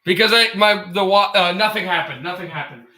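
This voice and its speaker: A man's voice: sits high, a little fast, roomy sound, a crowd in the background, rough recording. Stammering young man calling hockey. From United States. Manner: stammering, repeats words and restarts often. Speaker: livestream hockey commentator. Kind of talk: casual play-by-play commentary.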